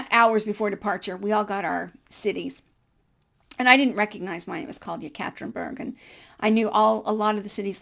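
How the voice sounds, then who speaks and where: A middle-aged woman vlogger telling a personal story in a lively, animated way and acting out the dialogue. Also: medium pitch, creaky. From United States.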